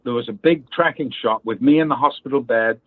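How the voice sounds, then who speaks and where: A man's voice: mid-range voice, fairly quick, dry recording. A man, an actor guest, telling anecdotes in an interview and acting out the people in them. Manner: storytelling, acts out quoted people, swears casually. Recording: tinny phone-line audio.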